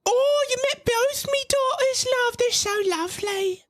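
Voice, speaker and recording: A woman's voice: very high voice, measured pace. Woman doing a chirpy Aussie mum. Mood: cheeky. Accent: overdone Australian. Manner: chatty, calls everyone mate and love. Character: chirpy Australian mum of two daughters.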